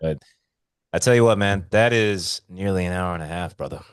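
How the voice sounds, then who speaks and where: A man's voice: low-pitched, moderate pace, smooth, no echo, studio quality. A young man hosting a podcast, laid-back and casually swearing, calling his guest man and brother. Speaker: podcast host. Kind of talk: casual chat.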